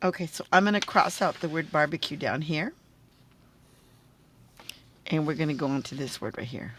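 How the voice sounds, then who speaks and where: A woman's voice: deep voice, expressive, normal speed, noisy background. A woman teacher giving a phonics lesson on video, patiently sounding out syllables and checking in with the viewer.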